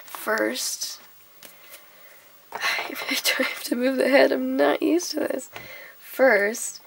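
A young woman vlogger, sick and hoarse, chatting in a rambling, scattered way and giggling as she loses her train of thought. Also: sits high, slow, a little hiss or hum, poor audio. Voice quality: gravelly. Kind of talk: casual chat.

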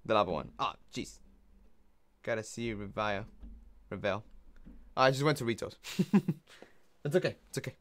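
A man's voice: fairly low pitch, expressive, normal speed, pauses often, fairly bright tone. A man streaming a video game, talking casually and rambling while often laughing at his own jokes. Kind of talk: casual gameplay commentary.

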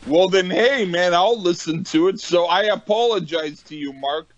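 A man's voice: sits high, moderate pace, no echo. A middle-aged man co-hosting a podcast in casual chat, restarting sentences often and laughing easily. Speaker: podcast co-host. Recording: dull lo-fi podcast audio.

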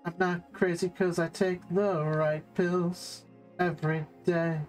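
A man's voice: sits high, flat delivery, slow pace, soft background music. Young man streaming a game, swearing freely. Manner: swears often, reacts loudly, coos at a dog in the game. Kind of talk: casual let's-play commentary.

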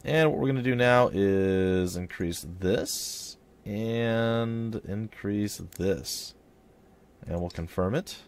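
A young man talks through a video game in a relaxed, chatty way, now and then reading the on-screen story aloud. His voice sits fairly low for a man. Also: takes it slowly. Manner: chatty, reads in-game text aloud and voices characters lightly. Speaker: let's play host. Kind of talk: casual gameplay commentary with dialogue read aloud.

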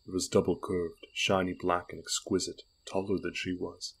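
A man reading an audiobook aloud with steady, unhurried storytelling. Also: low-pitched, slightly rough, poor audio. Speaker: audiobook reader. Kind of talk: audiobook narration.

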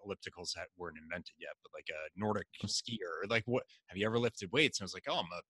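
A middle-aged man being interviewed, telling stories in a casual, animated way and acting out the voices of people he quotes. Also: low-pitched, quick pace, slightly rough, no echo. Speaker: guest.

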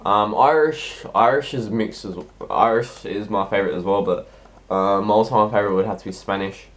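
Speaking at a normal speed in a lowish voice, a sixteen-year-old boy who is sick and coughing answers his viewers' questions. The casual vlog is rambling and hesitant, heavy with ums and restarts.

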